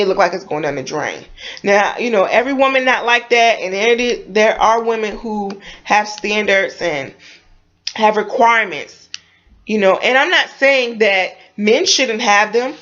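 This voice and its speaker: Young woman ranting into her cam, high-ish voice, preachy and blunt, kinda dull lo-fi audio. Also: a bit bright. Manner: heated, preachy, blunt with cursing and rhetorical questions. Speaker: vlogger. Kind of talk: impassioned opinion monologue. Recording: slightly dull lo-fi sound.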